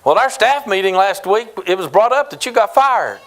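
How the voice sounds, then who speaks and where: A man's voice: sits high, very animated, brisk. A man quoting a fellow associate pastor who passes on gossip bluntly.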